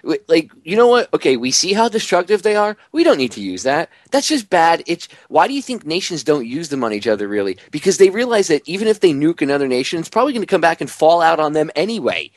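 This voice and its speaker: A man's voice: a little high, big pitch swings, fast talker, few pauses, no echo, studio quality. Casual slangy male radio host. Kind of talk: radio talk show discussion.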